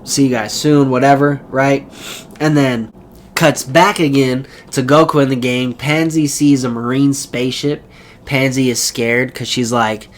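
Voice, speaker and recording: An anime reviewer recaps an episode, relaxed and meandering, at a normal middle pitch. He keeps breaking into quick character impressions, then slides back into ordinary chat.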